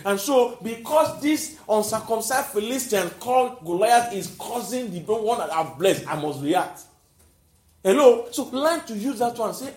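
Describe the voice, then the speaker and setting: A man with a Nigerian accent preaching a sermon, animated, often calling out to the congregation and laughing. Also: very high voice, moderate pace, reverberant.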